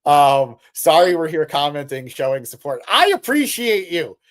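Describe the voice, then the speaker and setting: A man with a slightly raised pitch co-hosts a casual live stream. He reads viewer comments aloud and answers them off the cuff, with joking swears. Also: sing-song, moderate pace, fairly bright tone. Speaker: podcast co-host reading live chat.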